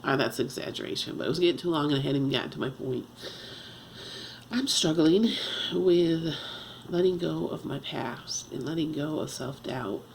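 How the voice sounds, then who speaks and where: A woman in her fifties talking at home in a confessional vlog, halting and earnest, restarting often as she searches for words. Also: low voice, darkish tone, a little hiss or hum, poor audio. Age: 50s. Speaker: vlogger.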